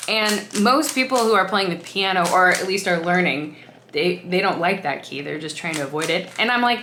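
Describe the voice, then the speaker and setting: A woman's voice: fairly low pitch, animated, normal speed, pushed and bright. A woman vlogger chatting casually and telling stories with lots of fillers. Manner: chatty storytelling with laughs and fillers. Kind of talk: casual chat. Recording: echoey room, faint noise.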